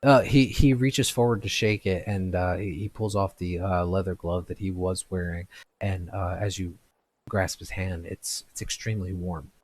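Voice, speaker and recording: A man narrating a tabletop game as game master, describing scenes in a halting, descriptive way. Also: deep voice, fairly even intonation, slight background noise.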